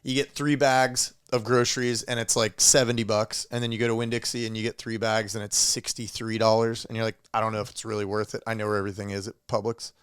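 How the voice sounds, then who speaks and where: Swearing, animated storyteller man. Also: lowish voice, fast, hardly any pauses, smooth. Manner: animated storyteller, swears a lot, acts out sounds. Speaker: podcast co-host. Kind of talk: casual podcast chat.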